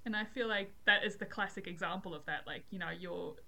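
A woman's voice: mid-range voice, a little fast, vocal fry, sharp tone. A woman co-hosting a book podcast, speaking in a thoughtful, earnest way. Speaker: podcast co-host. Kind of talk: casual chat.

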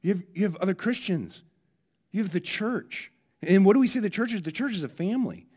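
A man leads a church service and keeps asking the congregation questions. He talks in a lively way, and his voice sits a little above the usual male pitch. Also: a little fast, breathy edge. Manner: lively, asks listeners questions. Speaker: pastor. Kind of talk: children's message then sermon.

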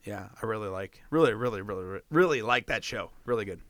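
A man's voice: fairly low pitch, lively intonation, fast, noisy background. A man in casual conversation, laughing often and teasing his friend. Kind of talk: casual chat.

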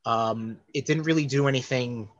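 A man's voice: medium pitch, moderate pace, dull audio. A man co-hosting a casual podcast, rambling with lots of fillers as he talks about films and comics. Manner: rambling, many fillers, animated. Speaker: podcast co-host.

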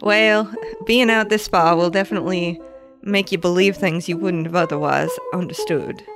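A woman's voice: on the low side, steady tone, normal speed, soft background music. A woman playing a wandering traveler in a tabletop game, chatty and friendly, laughing often. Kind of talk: in-character role-play.

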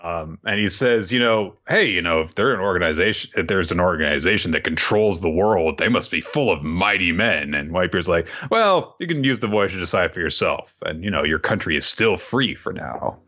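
Brief: low, bright-edged male voice, casual rambling recap, dull lo-fi recording. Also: brisk, few pauses. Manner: rambling, excitable, paraphrases characters with many fillers. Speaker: manga recap commentator. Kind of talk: casual recap of a comic chapter.

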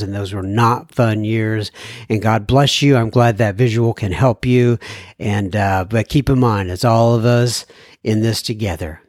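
A man's voice: fairly low pitch, darkish tone, no echo, studio quality. A man hosting a podcast, reading listener emails and answering them in an earnest, encouraging way, often with filler words. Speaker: podcast host.

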